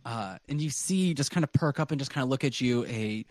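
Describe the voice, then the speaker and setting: A man's voice: mid-range voice, expressive, brisk, a little mellow, dry recording. Man as game master, tabletop narration, dry close mic. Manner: loose, searching, many restarts.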